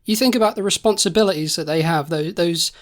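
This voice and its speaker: A woman's voice: lowish voice, quick pace. A woman co-hosting a comedy podcast, telling an improvised story in a rambling, laughing way. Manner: rambling, laughing, many restarts. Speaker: podcast co-host.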